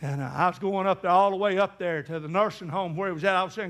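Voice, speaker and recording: High-voiced evangelist preaching. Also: male voice, quick pace, hardly any pauses. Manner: acts out quoted voices, rising to near-shouts in emotional peaks. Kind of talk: sermon storytelling.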